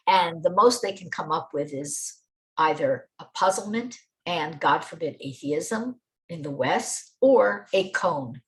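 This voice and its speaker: A woman giving a spoken lesson on faith, talking straight to her listeners in measured phrases with deliberate pauses and stressed words. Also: lowish voice, a bit bright, rough recording. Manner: addresses the listeners directly. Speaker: teacher.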